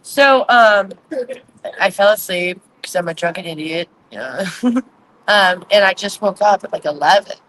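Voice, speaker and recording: A woman in her forties chatting candidly on a livestream, rambling and confessional, filmed outdoors on a quiet city street at night with a phone on a tripod. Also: medium pitch, animated, measured pace, a little hiss or hum, low-quality recording. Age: 40s. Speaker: vlogger hosting a livestream. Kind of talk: casual livestream chat. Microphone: phone on a tripod, no earphones.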